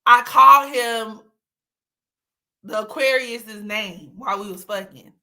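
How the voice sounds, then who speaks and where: A young woman talks in a bright, slightly high voice, chatting casually on a livestream. She tells candid stories with a lot of laughter and breaks now and then into exaggerated, teary mock pleading. Her delivery is loose and unfiltered. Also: slow pace. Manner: candid storytelling with frequent laughter; swings into dramatic, teary mock outbursts. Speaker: livestream host. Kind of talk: casual chat.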